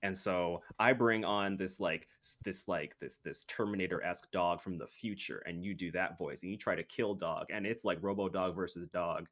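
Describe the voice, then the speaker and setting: A man's voice: low-pitched, moderate pace, few pauses, fairly bright tone. A man, a guest YouTuber, chatting in an easygoing, playful way and going along with the jokes in an improvised comedy bit.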